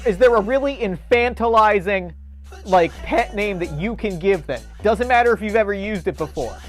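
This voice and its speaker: Upbeat pushy coach in a comedy sketch, mid-pitched, music loud underneath. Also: moderate pace.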